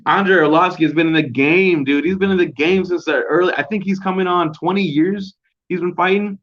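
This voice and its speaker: A man's voice: sits high, a little fast. Profane, rambling young man, lo-fi. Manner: profane, rambling, laid-back. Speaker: podcast host. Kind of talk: casual solo recap. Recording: dull lo-fi home recording.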